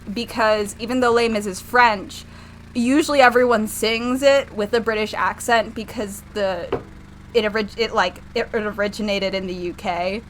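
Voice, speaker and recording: A woman's voice: on the high side, a bit bright, a little hiss or hum. A young woman streamer chatting casually over gameplay, rambling and self-deprecating.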